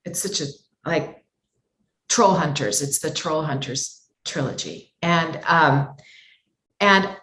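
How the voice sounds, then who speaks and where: A woman's voice: deep voice, fairly bright tone, reverberant. A woman voice actor talking as an interview guest, thoughtful and circling back with many asides. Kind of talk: conversational interview talk.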